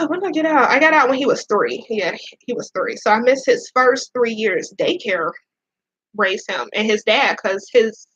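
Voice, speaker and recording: A woman talks frankly to her viewers, near tears as she repeats herself and sometimes swears. Her voice is bright and sits a little high. The sound is dull and lo-fi. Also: lively intonation, moderate pace, husky. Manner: candid, profane, repeats herself. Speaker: Navy veteran and police officer. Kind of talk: emotional personal storytelling to viewers.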